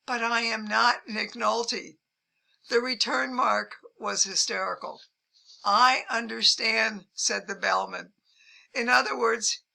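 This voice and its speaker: An older woman, a travel vlogger, telling amused anecdotes to the camera in a measured way and lifting her pitch when she quotes people. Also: gravelly, sharp tone.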